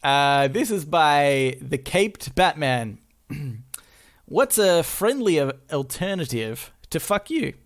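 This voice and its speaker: A man's voice: a little high, big pitch swings. A man with an Australian accent, co-hosting a casual podcast chat over a remote recording, joking and laughing often. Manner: giggly, quick to laugh, joking. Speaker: podcast co-host.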